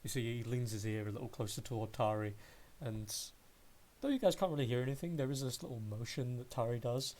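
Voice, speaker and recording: A man's voice: medium pitch, fairly quick, a little mellow. Man narrating as game master.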